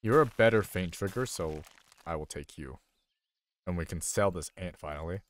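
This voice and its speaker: A man's voice: sits low, normal speed. A young man casually commenting on his own video game stream, rambling and poking fun at himself as he thinks aloud into a desk microphone. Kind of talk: casual live gameplay commentary.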